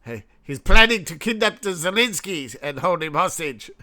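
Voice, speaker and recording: A man's voice: fairly high pitch, very animated, moderate pace, sharp tone. An Australian man hosting a casual news commentary vlog, rambling and sarcastic, chuckling at his own jokes. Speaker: host.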